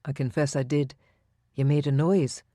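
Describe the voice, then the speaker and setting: A woman voicing a steady young Highland warrior, calm and teasing. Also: normal speed, dry recording, clean studio sound, natural voice.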